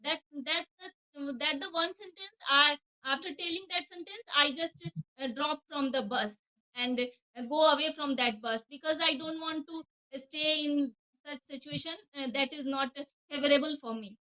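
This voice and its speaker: Hesitant Bengali woman learner, high and bright. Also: moderate pace, poor audio. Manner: hesitant, many fillers, searching for words. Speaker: English learner. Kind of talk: practice conversation.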